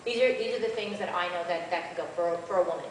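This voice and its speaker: A woman, a voice actress on a convention panel, answering questions in an animated, chatty and rambling way, recorded by a far camera. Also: fairly low pitch, rapid-fire, a little hiss or hum. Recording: echoey hall from far off.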